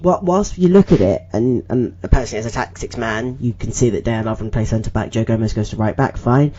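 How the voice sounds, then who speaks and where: A man's voice: medium pitch, brisk, mellow, a little hiss or hum. Eager man on a lo-fi football podcast. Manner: enthusiastic, gleeful, analytical. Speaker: podcast co-host. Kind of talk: casual football podcast chat.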